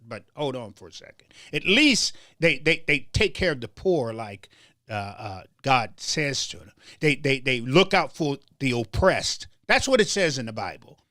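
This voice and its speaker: A sharp-toned man of medium pitch hosts a political talk show, launching into a heated monologue marked by stammered restarts and preacher-style rhythm. The studio-quality recording has no room sound.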